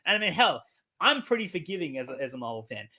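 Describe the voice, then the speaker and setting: A man's voice: a little high, very animated, fast, bright, forceful tone. A man hosting a podcast, telling a story casually, with lots of swearing and animation. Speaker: podcast host.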